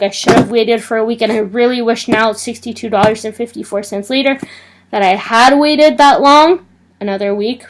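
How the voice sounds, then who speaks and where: A young woman vlogging, telling an indignant, agitated story in a casual rant. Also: a little high.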